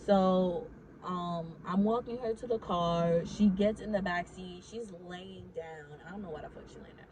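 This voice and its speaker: A woman's voice: fairly low pitch, unhurried, a crowd in the background, poor audio. A young woman telling a casual story to her vlog audience. She talks animatedly, swears freely and fills her sentences with "like".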